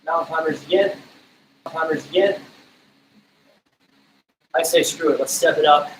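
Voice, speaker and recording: A man's voice: on the high side, moderate pace, reverberant, far from the mic, slight background noise, low-quality recording. Breathless man coaching a workout. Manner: encouraging, counts reps aloud while exercising. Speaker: fitness coach.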